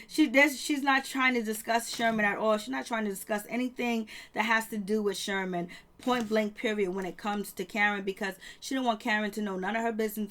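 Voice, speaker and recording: A woman, recapping a reality show in a loose, chatty way. She laughs often and acts out the cast's lines as she retells each scene. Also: a little high. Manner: animated retelling with laughs and acted-out quotes. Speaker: reality TV reviewer.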